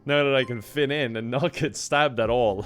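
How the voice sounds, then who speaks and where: An easygoing young Irish man talks to his chat during a game stream, reading and thanking viewer messages. His voice sits at a middling pitch and he laughs easily. Faint music plays in the background. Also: moderate pace, a bit bright. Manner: laid-back, reads out and thanks chat messages, laughs often. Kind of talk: casual live-stream chat.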